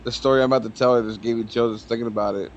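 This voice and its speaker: A man's voice: mid-range voice, fairly even intonation, very fast, lo-fi sound. A man in casual chat on a podcast, telling stories with many restarts and repeated words. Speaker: podcast guest.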